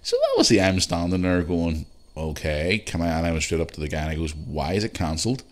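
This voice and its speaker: Deep-voiced Northern Irish man telling stories. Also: a little fast. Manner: swears freely, animated anecdotes with lots of fillers. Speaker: podcast host. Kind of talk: casual solo podcast storytelling. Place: living room at home.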